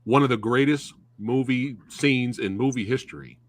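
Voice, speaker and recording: A man hosting a casual movie review chat, excitable and slangy, calling his guest dude and bro. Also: medium pitch, normal speed. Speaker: host. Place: live stream, reading chat.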